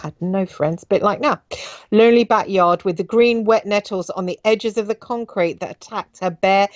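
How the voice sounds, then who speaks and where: A woman reading her own memoir aloud, breaking off into flat, wry asides, on dull dry lo-fi audio. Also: medium pitch, moderate pace, no echo. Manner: flat, wry asides between read passages.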